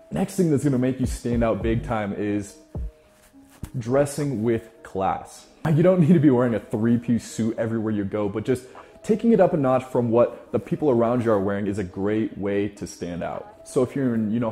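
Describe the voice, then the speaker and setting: A man's voice: mid-range voice, dark tone. A young man hosting an advice vlog, talking to his viewers in a confident, upbeat way. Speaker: vlogger giving self-improvement advice. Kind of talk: energetic direct-to-camera advice vlog.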